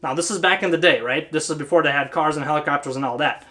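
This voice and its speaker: A man's voice: a little high, fast talker, pushed and bright. A man talking casually to camera as a channel host, chatty and informal, often checking in with listeners. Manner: chatty, keeps asking "right?". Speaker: HVAC technician and channel host.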